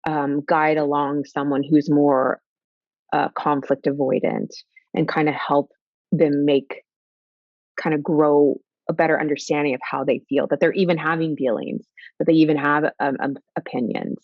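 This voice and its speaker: A woman in her forties, a therapist, explaining in a thoughtful, animated conversational way with small laughs. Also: low-pitched, no echo. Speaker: therapist guest. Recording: slightly dull lo-fi audio.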